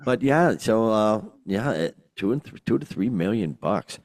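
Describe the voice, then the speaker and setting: An older man with a very low voice and a lively, swooping delivery, chatting casually as a podcast co-host. He rambles, jokes and throws in exclamations, and the sound is close and dry. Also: unhurried, no echo. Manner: rambling, joking, frequent fillers and exclamations. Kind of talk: casual chat.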